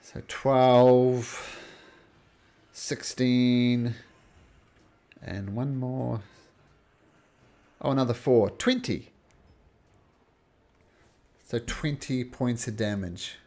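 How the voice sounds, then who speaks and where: A man's voice: medium pitch, very slow, pauses often, warm tone. A man narrating and ruling as game master in a tabletop role-playing game, describing scenes loosely with fillers.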